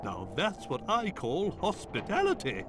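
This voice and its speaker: A man's voice: high voice, wildly swooping pitch, unhurried, background noise, voice pushed up, exaggerated voice. A man voicing a pompous, cranky old monster king in a game playthrough. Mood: gracious. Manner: indignant, haughty. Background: game music.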